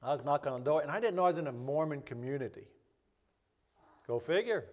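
A middle-aged man, a pastor, tells a personal story in a slightly high voice. He wanders through it with restarts and plays out the other people's voices as he goes. His voice rings with long reverb, as in a hall. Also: expressive, quick pace. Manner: rambling, with many restarts.

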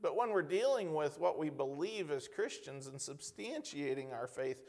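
A man preaching a conversational sermon, asking the congregation rhetorical questions and reading scripture slowly with emphasis. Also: a little high, expressive, darkish tone.

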